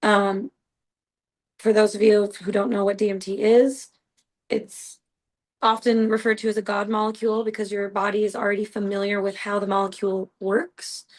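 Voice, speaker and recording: A woman's voice: mid-range voice, level tone, normal speed, rough recording. A woman hosting a podcast, telling a personal story in a casual, earnest and rambling way, full of "like" and "you know". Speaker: podcast host.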